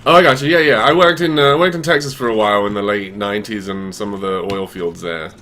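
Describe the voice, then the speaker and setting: A middle-aged man hosting a call-in show, explaining things patiently in a relaxed way with fillers. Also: on the low side, quick pace, slight background noise. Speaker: radio show host. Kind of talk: casual call-in chat.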